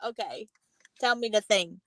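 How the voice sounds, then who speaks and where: A woman's voice: mid-range voice, measured pace, a bit bright, dry recording, low-quality recording. A middle-aged woman co-hosting a podcast, asking blunt, teasing questions in casual chat. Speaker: podcast co-host.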